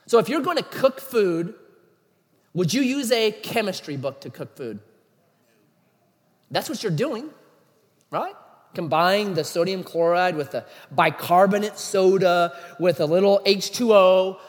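Animated high-voiced male preacher. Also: big-room sound. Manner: animated, emphatic, many rhetorical questions. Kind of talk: sermon.

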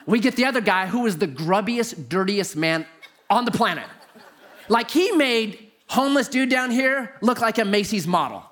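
A middle-aged man telling a personal story in a lively, exaggerated way, swinging into loud disbelief. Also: high voice, moderate pace.

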